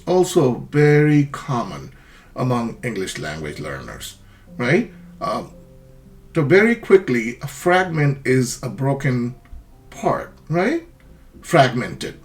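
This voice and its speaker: Lively man teaching grammar. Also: medium pitch. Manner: explains patiently, acts out example sentences. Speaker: English teacher. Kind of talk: grammar lesson.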